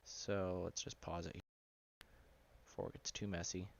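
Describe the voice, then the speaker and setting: A man talking loosely through a live-streamed software tutorial, with lots of fillers and asides. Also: low-pitched, little pitch movement, moderate pace, gravelly, slight background noise. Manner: loose and rambling, with many fillers. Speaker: live streamer teaching 3D simulation. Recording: dull, lo-fi sound.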